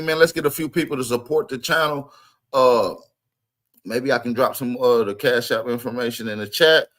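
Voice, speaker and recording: A man's voice: on the high side, fairly bright tone, poor audio. Brief: male channel host, slangy, confrontational commentary delivery. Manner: combative, street slang, calls out a rival. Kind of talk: casual commentary video.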